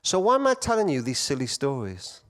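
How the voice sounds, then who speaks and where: Animated middle-aged male conference speaker. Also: mid-range voice, brisk. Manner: animated storyteller, wide swings between loud and hushed. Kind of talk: storytelling talk to men.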